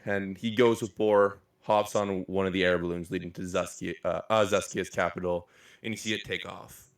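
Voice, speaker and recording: A man's voice: low voice, fairly even intonation, normal speed, creaky. A man narrating as game master in a casual, rambling way, swearing offhandedly. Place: live-streamed game session.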